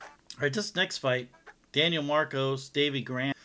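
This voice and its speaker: A man co-hosting a casual fight recap chat, calmly running through each fight and laughing along. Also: mid-range voice, a little slow. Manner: laid-back, laughs along, rundown of the fights. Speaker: podcast co-host.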